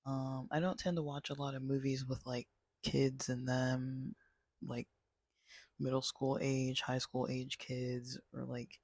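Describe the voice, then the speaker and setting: A man's voice: mid-range voice, level tone, measured pace, darkish tone, no room sound. A man casually reviewing a movie, rambling with many fillers and restarts. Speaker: channel host.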